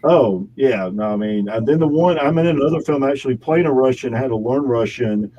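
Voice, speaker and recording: Male actor guest, mellow timbre, chatty and rambling, faint hiss. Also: mid-range voice, fairly quick, dull audio. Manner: rambling, self-correcting, chatty. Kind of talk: casual interview chat.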